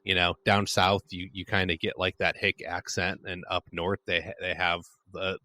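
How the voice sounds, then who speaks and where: Low-voiced American man, rambling casually. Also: little pitch movement, moderate pace, sharp tone, slight background noise. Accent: near-neutral American with a slight Chicago twinge. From Arizona, United States. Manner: rambling, lots of "like" fillers and restarts. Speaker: podcast guest, flooring business owner. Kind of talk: casual conversation.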